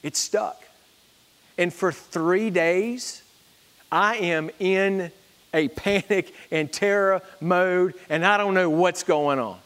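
A man's voice: high-pitched, slow, fairly bright tone, long reverb tail. A middle-aged man preaching a sermon, praying and telling a personal story in an earnest, repetitive way. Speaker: pastor.

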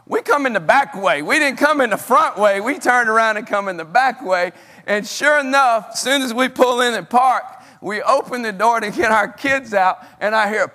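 A man's voice: extremely high pitch, normal speed. A man with a Southern accent, a guest student pastor preaching in a church with folksy, rambling storytelling. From Mississippi hills. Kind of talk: prayer and sermon. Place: church sanctuary. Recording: long church hall reverb, soft guitar.

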